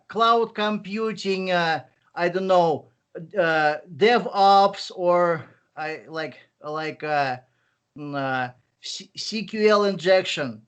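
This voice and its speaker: A Russian-accented man talks through a video call in a fairly high voice, pausing on lots of ums and uhs as he restarts sentences. He sounds like a teacher handing out advice in an interview. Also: smooth. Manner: halting, many fillers and restarts. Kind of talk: online interview.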